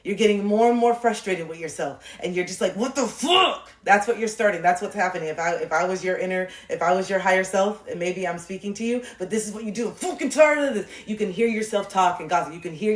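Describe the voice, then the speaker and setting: In an echoey room with faint music, a woman with a lowish voice speaks quickly and with few pauses, livestreaming fervent spiritual advice. Her motivational monologue is preachy and intense, full of swearing and repeated phrases for emphasis.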